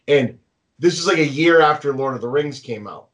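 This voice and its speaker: A man hosting a casual podcast chat, an animated storyteller who laughs often. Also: mid-range voice, normal speed. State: anxious about flying. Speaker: podcast host.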